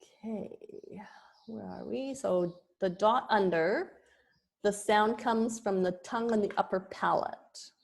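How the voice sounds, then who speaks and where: A woman's voice: medium pitch, creaky. A woman yoga teacher explaining Sanskrit pronunciation, sounding out letters one by one. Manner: explanatory, demonstrates sounds slowly.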